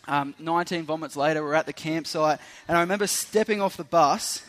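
A young man, preaching a sermon that opens with a lively story in which he acts out the people involved. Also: a little high, brisk, hardly any pauses. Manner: animated storyteller, acting out voices.

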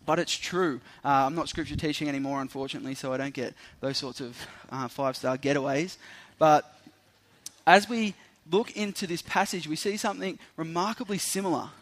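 Brief: young Aussie preacher, animated storyteller, fairly high voice. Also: male voice, fairly quick. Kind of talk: sermon with a storytelling opening.

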